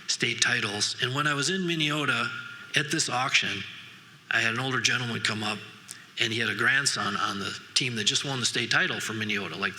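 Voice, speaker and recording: A middle-aged man tells folksy stories from the stage, circling back through asides. His voice is bright and forceful. Long reverb trails off each phrase in a big conference hall. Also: mid-range voice. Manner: folksy storytelling with frequent asides and restarts. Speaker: keynote speaker. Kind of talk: conference keynote talk.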